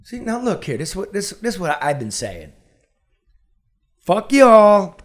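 A man's voice: high-pitched, sing-song, unhurried. A man hosting a casual chat show, talking bluntly and rambling, with plenty of swearing. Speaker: host.

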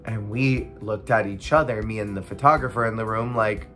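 A casual vlog storyteller with a blunt, wry way of talking. The voice sits at a middling pitch and shifts into animated, playful tones when acting out other people. Faint music plays underneath. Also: moderate pace. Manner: animated, acts out quoted people. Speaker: former theme park cast member.

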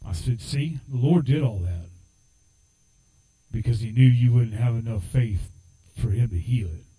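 A man preaching with a mellow, warm tone, moving easily between plain storytelling and fervent exhortation. His pitch sits in the middle for a man. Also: lively intonation, measured pace, breathy edge, poor audio. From United States. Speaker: assistant pastor. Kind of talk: sermon.

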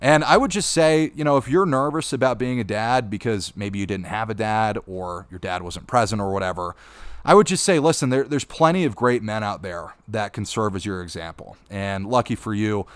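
A young man hosts a casual viewer Q&A in a lowish, steady voice. He tells stories in a chatty way and gets animated when he retells them. The sound is dry and close, with no room echo. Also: moderate pace, hardly any pauses, clean tone. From Utah. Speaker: YouTube channel host. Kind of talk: casual Q&A monologue.

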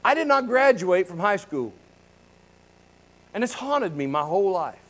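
A man's voice: high voice, sing-song, a little slow, rough recording. A man in his sixties, a pastor praying fervently and then preaching in a folksy, candid way in a church. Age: 60s. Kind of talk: prayer and casual sermon. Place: church sanctuary.

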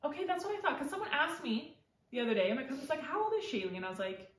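A woman's voice: sits high, sing-song, racing, reverberant, far from the mic. A woman in her thirties co-hosting a podcast in casual chat, chatty and full of fillers. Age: 30s. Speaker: podcast co-host.

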